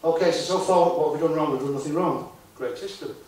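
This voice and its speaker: Talking fast in a slightly high, slightly mellow voice, a man addresses a live conference crowd in a chatty way with tag questions. He's recorded from a distance in a very echoey hall.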